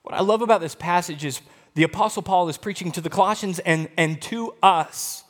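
A male pastor preaching a sermon, expressive and swinging between loud and hushed. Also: high-pitched, brisk.

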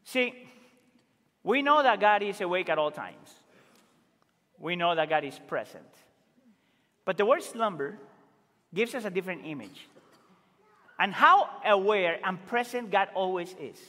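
A man preaching a sermon as pastor, earnest and emphatic, rising to loud exclamations and dropping to quiet asides. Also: sits high, animated, unhurried, pauses often. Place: church sanctuary. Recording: reverberant church hall.

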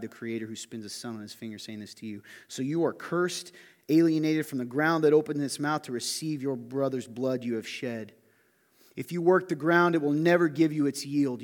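A male pastor preaching a sermon in an animated way, often putting questions to his listeners. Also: on the high side, long reverb tail. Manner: animated, asks the audience questions.

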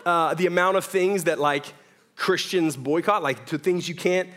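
A man's voice: high voice, normal speed, a bit bright. A young man preaching a sermon in a church, casual and joking, often asking "right?". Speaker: pastor. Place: church hall with audience.

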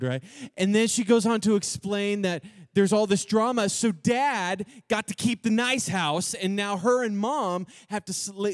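A man speaking to students at a camp, telling a comic story in an animated way and acting out the people in it. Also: high-pitched, no room sound, clean studio sound. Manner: animated, quick, acts out quoted dialogue.

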